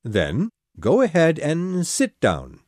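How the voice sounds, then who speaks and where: A woman reading an audiobook voices a pompous, fussy old king presiding over a trial in a deep, gruff, commanding tone. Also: wildly swooping pitch, slow, a little mellow, no echo, studio quality, exaggerated voice. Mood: stern.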